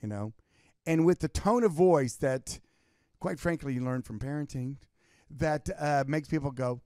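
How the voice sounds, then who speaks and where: A man's voice: mid-range voice, brisk, smooth, no room sound, clean studio sound. A man co-hosting a casual business podcast, telling stories and acting out the people in them. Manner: animated storyteller, acts out quoted people. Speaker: podcast co-host.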